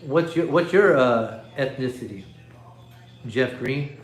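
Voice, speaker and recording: A man's voice: mid-range voice, lively intonation, slow, soft background music. Casual male livestream host, rambling and chuckling, phone mic in an echoey living room. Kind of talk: casual livestream chat reading comments. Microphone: iPhone.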